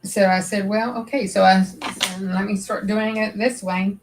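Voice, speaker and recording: A woman's voice: mid-range voice, level tone, unhurried, slight background noise, low-quality recording. A woman hosting a crafting livestream, chatting nervously and rambling as she thinks aloud. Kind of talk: casual livestream chat while sewing.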